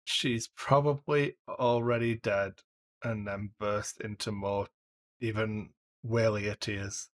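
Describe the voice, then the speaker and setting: A man narrating as game master of a tabletop game, halting often with ums as he describes scenes. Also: on the low side, fairly even intonation.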